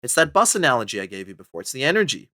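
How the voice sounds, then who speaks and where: A man's voice: racing, no room sound. A man being interviewed about his book, talking casually and animatedly with lots of fillers. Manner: animated, chatty, full of fillers and pitch jumps. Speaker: podcast guest, book author.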